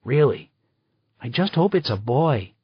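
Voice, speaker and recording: A man voicing a weary grown detective in an audiobook, low-key and dry in manner. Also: big pitch swings, measured pace, husky, no room sound, exaggerated voice. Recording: dull lo-fi dry recording.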